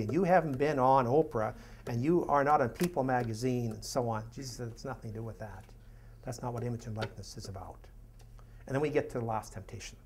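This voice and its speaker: A man's voice: mid-range voice, darkish tone, breathy edge. A middle-aged man preaching a sermon in a conversational way, with lots of "you know" asides.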